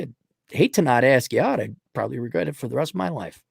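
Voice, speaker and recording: A man's voice: medium pitch, very animated, fast talker, vocal fry, slightly rough, dry recording, studio quality. A middle-aged man hosting his own show, rambling through a casual monologue and acting out little scenes in other voices. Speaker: podcast host.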